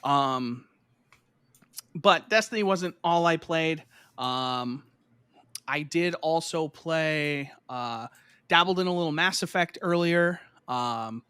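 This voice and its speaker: A man's voice: on the high side, pushed and bright, smooth, dry recording, studio quality. A man co-hosting a podcast in casual gaming chat, rambling with lots of "like" and swearing, and getting heated and emphatic when he rants. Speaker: podcast co-host.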